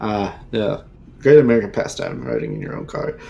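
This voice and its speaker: A man's voice: on the low side, huge pitch swings, brisk, creaky, dark tone. Wry man playing a private investigator. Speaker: player. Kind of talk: tabletop role-play.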